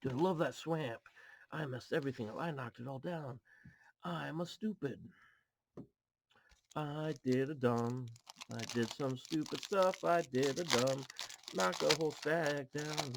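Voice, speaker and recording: A man's voice: a little high, unhurried, creaky. A man hosting a card-opening video at home, chatting casually and reading card text aloud with goofy asides. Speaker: card pack opening host. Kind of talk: casual chat while opening cards. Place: home apartment.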